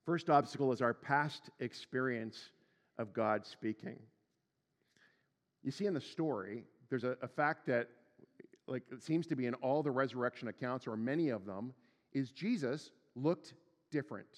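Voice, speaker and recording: A man's voice: on the high side, a bit bright, big-room sound. A middle-aged man preaching a sermon as pastor, chatty and full of rhetorical questions to the congregation, laughing now and then. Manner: conversational, asks the audience rhetorical questions, laughs often.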